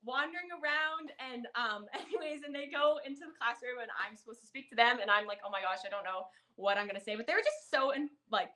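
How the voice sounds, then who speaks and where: A young woman from Canada chats on a podcast as the guest, laughing through her stories and acting out what everyone said. Her voice is bright and a little high. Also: fast, few pauses. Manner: giggly, lots of fillers, animated quoting. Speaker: podcast guest, former rodeo queen. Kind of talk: casual storytelling.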